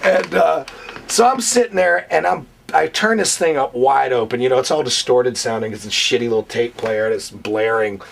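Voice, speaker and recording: A man telling profane stories in a casual interview, animated and full of curses. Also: mid-range voice, normal speed, vocal fry, a little hiss or hum. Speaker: wrestling interview guest. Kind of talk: casual storytelling.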